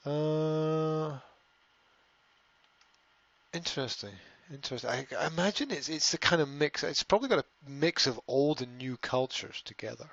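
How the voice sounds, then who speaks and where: A man's voice: fairly high pitch, normal speed, a bit bright, no echo. Rambling man on a dull live stream. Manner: rambling, repeats words, reads out viewer comments. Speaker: language school host answering live chat. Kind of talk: casual live-stream chat.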